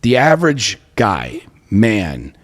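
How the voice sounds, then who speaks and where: A man's voice: fairly low pitch, wildly swooping pitch, slow pace. A man co-hosting a relationship podcast, talking bluntly and emphatically with plenty of profanity. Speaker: podcast co-host. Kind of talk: casual chat. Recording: long hall reverb.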